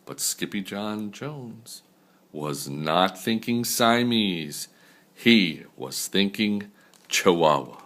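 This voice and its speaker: Brief: grandfather reading a storybook, slow and low. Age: older. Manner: unhurried, expressive storybook reading. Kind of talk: reading a picture book aloud.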